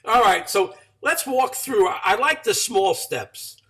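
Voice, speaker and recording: A man's voice: sits high, expressive, a little slow, fairly bright tone. A man hosting a podcast interview, prompting his guest with short questions. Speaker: podcast host.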